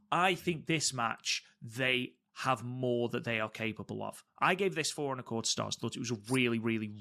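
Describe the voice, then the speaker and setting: Man, podcast co-host, bright tone, casual match review, emphatic repeats. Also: mid-range voice, gravelly. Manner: enthusiastic, repeats words for emphasis. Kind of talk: casual wrestling review chat.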